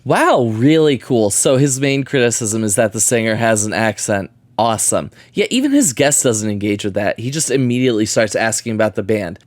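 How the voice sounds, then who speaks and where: A man's voice: fairly low pitch, expressive, brisk, hardly any pauses, no echo. A man narrating a commentary video, sarcastic and prone to swearing rants. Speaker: video essayist.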